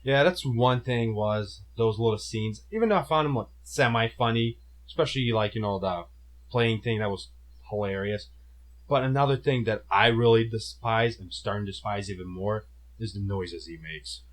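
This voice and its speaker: A young man co-hosting a casual movie review, relaxed and blunt in his opinions. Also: on the low side, moderate pace. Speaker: co-host of a movie review show.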